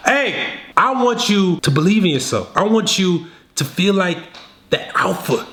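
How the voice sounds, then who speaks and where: A man making a dating advice video, talking straight to the viewer in a slangy, scolding, animated way. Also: sits high, a little slow, echoey room. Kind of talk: direct-to-camera coaching.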